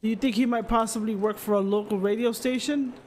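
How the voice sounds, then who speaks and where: A man's voice: sits high, steady tone, fast talker, darkish tone, slight background noise, close to an everyday voice. A man reading the lines of a curious young French woman in a game, asking questions plainly. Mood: inquiring.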